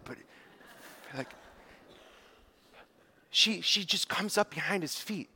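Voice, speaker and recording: Animated, high-voiced male preacher. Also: slow, pauses often, husky. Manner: animated storytelling, acting out quotes; casual filler words. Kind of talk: sermon.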